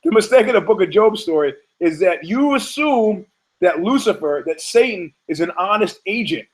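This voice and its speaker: A man's voice: a little high, poor audio. A man hosting a podcast, delivering a rambling, profane comedic monologue and acting out quoted characters in funny voices. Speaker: podcast host.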